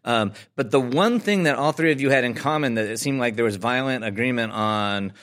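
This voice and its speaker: A man's voice: mid-range voice, brisk, fairly bright tone. A man hosting a podcast, asking questions in a joking, rambling way with many fillers. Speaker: podcast host. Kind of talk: conversational podcast interview.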